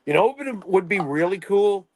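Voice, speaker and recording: A man's voice: high voice, moderate pace, a little mellow, slight background noise. A man co-hosting a casual wrestling talk show, sarcastic and swearing freely. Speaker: co-host.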